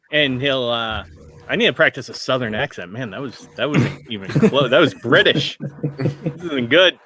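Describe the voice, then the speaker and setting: Bright-voiced man playing a tabletop game. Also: medium pitch, moderate pace, slight background noise. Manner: self-mocking, chatty. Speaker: player.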